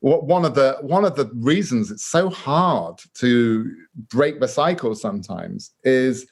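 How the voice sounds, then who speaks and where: A man, a guest author, talks through his thoughts in an interview. He is earnest and halting, often restarting mid-sentence, at a middle pitch for a man. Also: animated, breathy edge. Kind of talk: reflective interview talk.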